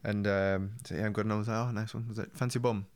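A man's voice: lowish voice, level tone, racing, clean tone. Man laughing storyteller. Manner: laughing storyteller, acts out quotes, swears freely. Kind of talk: casual chat, storytelling.

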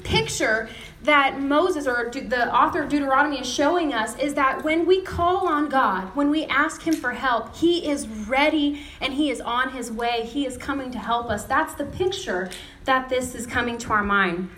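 A woman preaching a sermon, telling stories with lively retold dialogue. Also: high voice, moderate pace, a little hiss or hum. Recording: echoey room.

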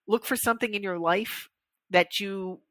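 A woman's voice: medium pitch, normal speed, a bit bright, no echo. Chatty woman podcast co-host. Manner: chatty, laughs easily, self-deprecating. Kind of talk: casual podcast chat.

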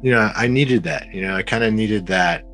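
A young man with a very low voice tells a story as a podcast guest. He rambles, restarts often and fills gaps with "you know", growing lively when he quotes others. Soft music plays faintly underneath. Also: a little fast. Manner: rambling, many fillers and restarts, animated when quoting others. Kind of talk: casual conversational storytelling.

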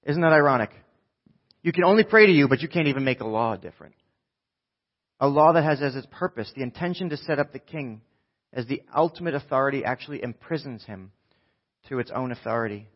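A man preaching a sermon, retelling a story with lively, acted-out voices. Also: mid-range voice, a little fast, lo-fi sound. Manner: animated storytelling, acting out voices. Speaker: pastor.

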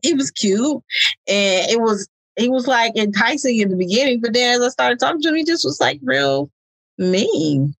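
A woman chatting casually on a podcast, telling animated stories and mimicking other people's voices. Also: fairly high pitch, normal speed, husky, no echo. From Georgia. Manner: animated storytelling, mimics voices, laughs often.

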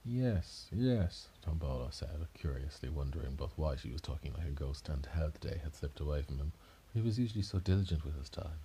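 A man's voice: very deep voice, fast, few pauses, dark tone, a little hiss or hum. A man telling an improvised detective story, rambling with frequent restarts and self-corrections.

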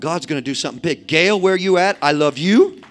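Preaching a fiery sermon at a church service with a congregation, this high-voiced evangelist from inner-city St. Louis is expressive and fairly quick. His folksy delivery shifts between quiet asides and shouted exhortation, with faint music behind him.

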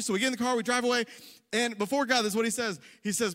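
A young man preaching as pastor to a congregation, telling a story with animated energy that rises toward near-shouting on key lines. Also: extremely high pitch, fast talker. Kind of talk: sermon storytelling. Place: church hall before a congregation. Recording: long hall reverb.

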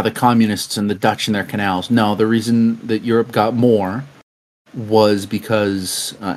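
Man, podcast co-host, lowish voice, halting casual delivery. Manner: halting, many restarts and fillers. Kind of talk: casual gaming podcast chat.

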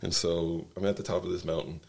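A man's voice: low-pitched, level tone, fairly quick, gravelly, darkish tone. A man casually telling a rambling travel story, full of fillers, restarts and tag questions.

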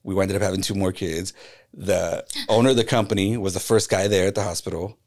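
Low-pitched and fairly quick, this middle-aged man is a graffiti artist appearing on a podcast. He recounts a personal story in relaxed conversation, animatedly voicing the people in it as he quotes them.

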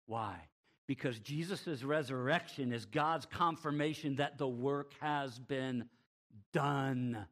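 Slow, emphatic male preacher. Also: mid-range voice. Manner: emphatic preaching with rhetorical questions and wide swings in loudness. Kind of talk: sermon.

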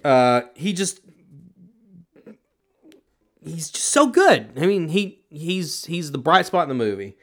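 A man's voice: on the high side, big pitch swings, takes it slowly, pauses often, a bit bright. A man from the United States co-hosting a podcast, talking through a movie in a casual, emphatic and opinionated way. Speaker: podcast co-host. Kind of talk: casual movie review chat.

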